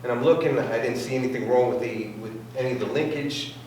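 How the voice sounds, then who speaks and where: A man's voice: mid-range voice, fast talker, darkish tone. A man telling a casual racing anecdote to a club meeting, acting out quotes and sound effects as he goes. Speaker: club member sharing a racing story. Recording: very echoey room, voice far from mic, faint noise.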